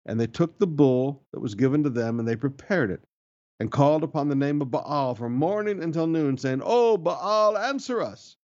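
A man's voice: medium pitch, brisk, dark tone, dull audio. A pastor preaching a sermon, reading scripture and pressing his points with emphatic, repeated phrases.

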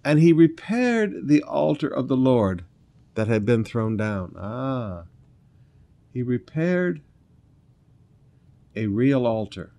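A man's voice: mid-range voice, sing-song, takes it slowly, long pauses. Man preaching with dramatic swings. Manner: dramatic, swings between loud emphasis and quiet asides. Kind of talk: sermon reading scripture with commentary.

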